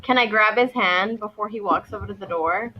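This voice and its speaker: A woman's voice: mid-range voice, a little fast, a crowd in the background. A woman playing a tabletop game, in playful banter with her group. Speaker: player. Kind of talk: in-character tabletop play. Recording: muffled lo-fi audio.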